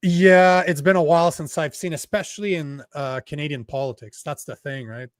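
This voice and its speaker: A man whose first language is French, co-hosting a casual political livestream in a rambling, animated way with free swearing. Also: on the high side, normal speed, no echo, studio quality. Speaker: livestream co-host.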